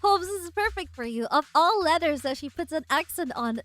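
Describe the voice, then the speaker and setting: A woman streamer reading a webcomic aloud, reacting excitably with frequent gasps and laughter. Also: high-pitched, a little fast, dry recording. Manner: excitable, gasping and laughing often. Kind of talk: live-stream read-along with reactions.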